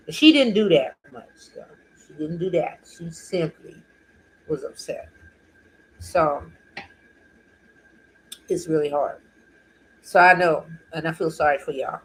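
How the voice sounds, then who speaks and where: A woman's voice: low voice, slight background noise, rough recording. A woman hosting her own video, telling an earnest, heartfelt personal story with repeated phrases. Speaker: vlog host. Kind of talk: personal testimony monologue.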